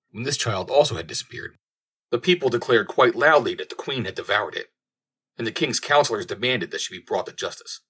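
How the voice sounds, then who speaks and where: A man narrates an old fairy tale in a steady, measured way. His voice sits fairly low and has a husky edge. It sounds like a home audiobook recording. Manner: measured storytelling reading.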